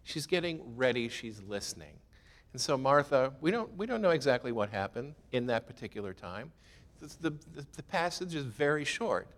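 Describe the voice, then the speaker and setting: A man's voice: medium pitch, big pitch swings, moderate pace. Conversational male preacher in echoing hall. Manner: conversational, rhetorical questions, self-deprecating humor. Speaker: pastor. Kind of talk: sermon.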